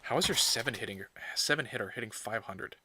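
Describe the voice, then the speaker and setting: Husky, fast-talking, and medium-pitched, this livestream host is recorded dry as he reacts excitedly to baseball and mutters self-scoldings while sorting video clips.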